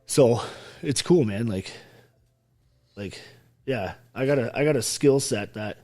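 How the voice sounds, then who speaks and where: At a measured pace, the Ontario army veteran speaks in a mid-range, slightly mellow voice. He's a podcast guest telling his story interview-style, casual but blunt and emphatic, cursing constantly.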